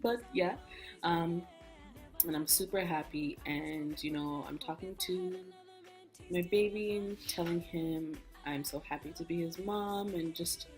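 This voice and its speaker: Candid woman telling a story over soft music. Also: fairly low pitch. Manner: candid, animated storytelling, acts out quoted speech. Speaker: vlogger. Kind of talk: casual storytime chat. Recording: soft music bed behind.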